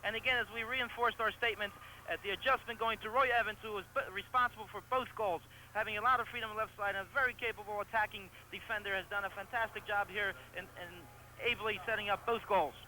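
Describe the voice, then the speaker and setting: A man's voice: high voice, fairly even intonation, pushed and bright, slight background noise, low-quality recording. A man giving enthusiastic, partisan color commentary on a live soccer match, on an old broadcast recording. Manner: enthusiastic, partisan, quick analysis.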